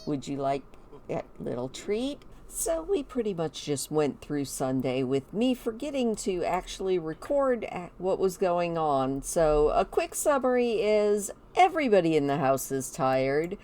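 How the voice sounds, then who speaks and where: A woman giving casual gameplay commentary, chatty and animated, talking to the characters on screen. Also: lowish voice, unhurried, few pauses, slight background noise.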